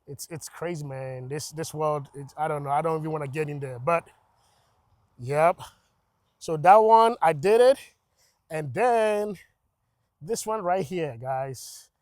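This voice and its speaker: A man's voice: fairly high pitch, a little slow, pauses often, no room sound, studio quality. Rambling man showing off his truck. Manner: rambling, repeats words and restarts, excited about mods. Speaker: truck vlogger. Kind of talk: casual walkaround commentary. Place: outdoors beside a pickup truck.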